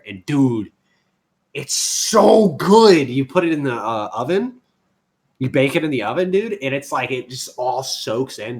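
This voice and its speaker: A young man chatting casually on a gaming podcast, excitable and slangy, full of dudes and bros. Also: medium pitch. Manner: excitable, slangy, says dude and bro a lot. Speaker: podcast co-host. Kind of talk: casual chat.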